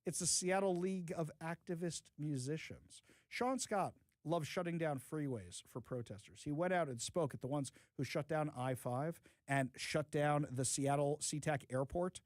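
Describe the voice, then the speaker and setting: A man's voice: on the high side, no room sound. A man hosting a talk show, giving opinionated commentary with sarcastic, mocking asides. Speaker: talk radio host. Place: radio studio.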